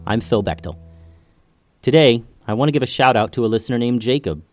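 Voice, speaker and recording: A man hosting a children's podcast, narrating a story in a gentle, expressive way. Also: medium pitch, fast, over music.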